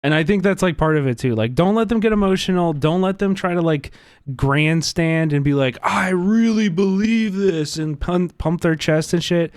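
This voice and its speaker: A man's voice: on the high side, brisk, clear, resonant tone, no room sound, studio quality. A man hosting a livestream, talking casually and earnestly, rambling with many fillers. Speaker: livestream host.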